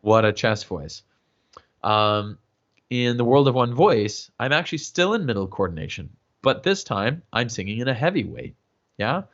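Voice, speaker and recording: Animated male voice teacher, lo-fi audio. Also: mid-range voice, moderate pace. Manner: explains with many fillers, asks "yeah?" and "right?". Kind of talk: casual teaching livestream. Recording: dull lo-fi livestream audio.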